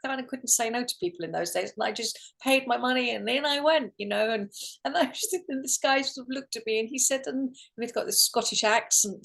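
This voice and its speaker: A woman appears as an interview guest, earnestly telling an emotional personal story with many restarts and fillers. Her voice is a little high and creaky, and her pace is brisk.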